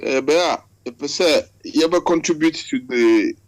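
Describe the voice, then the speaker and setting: A man's voice: fairly high pitch, normal speed, dry recording, rough recording. A man with a Ghanaian English accent talking heatedly on a video call, repeating himself and calling the other man by name. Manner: impassioned, repetitive, keeps addressing the other man. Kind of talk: online video call discussion.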